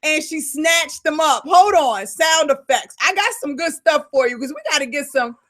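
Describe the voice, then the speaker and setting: A woman coach hosting a live Q&A call, fired up and loud, calling her listeners y'all. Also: high-pitched, expressive, moderate pace.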